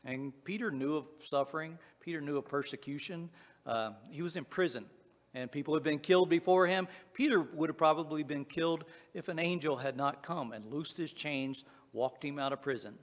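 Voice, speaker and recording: A man's voice: fairly high pitch, normal speed, long reverb tail. A man with a Southwest Virginia accent preaching a sermon in a folksy, conversational way, with frequent restarts and fillers. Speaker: pastor.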